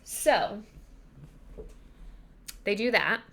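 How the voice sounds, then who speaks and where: A woman's voice: mid-range voice, expressive, extremely slow, a bit bright, slight background noise. Chatty young woman recapping a book. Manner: chatty, rambling, with lots of fillers. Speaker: podcast host.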